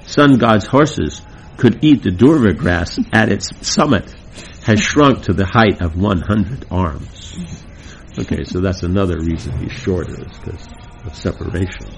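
A man's voice: on the low side, slight background noise, rough recording. A man reading a devotional play aloud to a class, breaking off for casual comments. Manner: plain reading broken by chatty comments.

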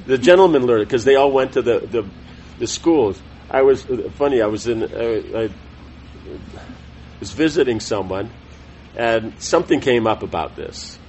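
A middle-aged man teaching a scripture class, reading a text aloud in a measured, deliberate way with small self-corrections and chatty asides. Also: medium pitch, lively intonation, darkish tone, muffled recording, slight background noise.

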